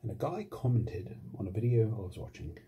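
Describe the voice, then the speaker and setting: A man's voice: fairly low pitch, sing-song, brisk, warm tone, slightly rough. A married man hosting a casual mukbang ASMR video at home, recorded on a phone, talking in a wry, self-mocking way and swearing casually. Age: adult, married. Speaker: ASMR channel host. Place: home with washing machine and computer running.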